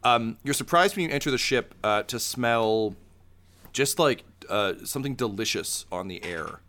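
A man narrating as game master of a tabletop game, with halting speech full of fillers. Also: mid-range voice, lively intonation, fairly bright tone.

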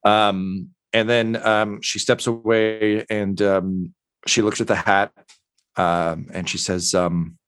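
A man's voice: fairly low pitch, level tone, takes it slowly, fairly bright tone, clear, resonant tone. A man narrating as game master of a tabletop game, rambling with many fillers.

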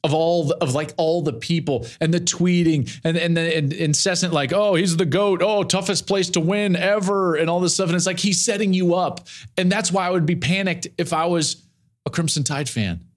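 With a slightly high voice, a middle-aged sports show host dissects college football in an emphatic, lively style, repeating phrases for effect.

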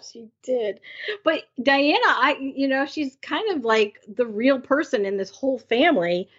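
A middle-aged woman with a husky, fairly high voice talks casually as a podcast co-host, with lots of fillers. The recording sounds dull and lo-fi. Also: lively intonation, measured pace, fairly bright tone. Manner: conversational, many fillers. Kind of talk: casual recap chat.

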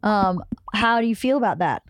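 A woman's voice: mid-range voice, animated, moderate pace, no echo, studio quality. A middle-aged woman hosting a casual family podcast chat, explaining feelings in a coaching way. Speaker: podcast host, mother.

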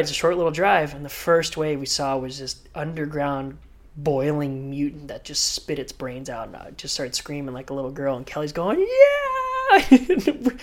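A man, a professional surfer, telling animated stories full of surf slang as a podcast guest. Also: fairly high pitch. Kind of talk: podcast interview storytelling.

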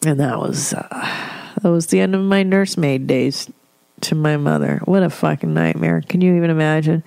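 A woman with a low, gravelly voice hosts a casual solo podcast, rambling bluntly and swearing freely. The sound is dry and close, with no room echo. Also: normal speed, a little mellow. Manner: blunt, profane, rambling storyteller. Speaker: podcast host.

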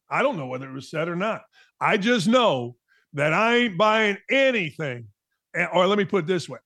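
Blunt high-voiced sports talk host. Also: male voice, sharp tone. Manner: blunt, emphatic, mocking, says "blah, blah". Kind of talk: opinionated sports talk monologue.

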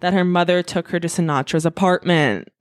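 A woman's voice: fairly low pitch, fairly quick, dry recording, studio quality. A woman hosting a podcast, telling a story in a chatty way, full of fillers and swearing freely. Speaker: podcast host. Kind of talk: casual storytelling.

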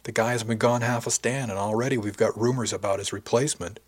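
A man's voice: on the low side, fairly even intonation, fast, lightly acted. A man voicing a wry, easygoing woman who leads a ship's section, speaking with dry humor.

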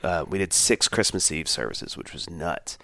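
A man in his forties, co-hosting a podcast in casual, animated chat, full of restarts. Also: low voice, normal speed, vocal fry, no echo, clean studio sound. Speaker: podcast co-host.

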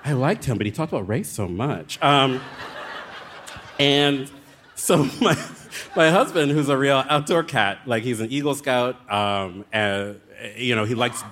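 Guy guest telling a funny story, super expressive voice, dramatic asides. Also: mid-range voice, a little slow, slight background noise. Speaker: guest author. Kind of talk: storytelling on a live show.

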